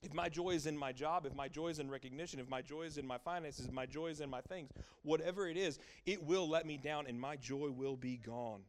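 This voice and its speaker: A man's voice: fairly high pitch, fairly quick, hardly any pauses. Emphatic middle-aged male preacher. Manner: swings from hushed intimate lines to loud exclaiming peaks; repetitive, emphatic preaching cadence. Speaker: pastor. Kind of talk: sermon.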